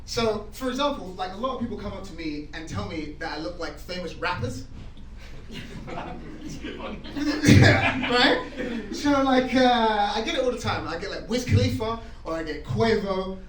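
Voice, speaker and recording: A man's voice: high-pitched, a little slow, crowd noise. An English man doing a playful stand-up set on a club stage, slipping into impressions. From England. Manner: lively, playful, slips into impressions. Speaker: stand-up comedian. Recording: echoey room from a distance with audience noise.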